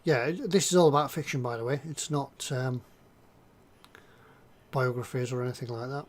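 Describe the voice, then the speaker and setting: An older man hosts a live stream, his medium-pitched voice moving at a moderate pace over slight background noise. He rambles casually through viewer comments, hesitant and full of ums and restarts.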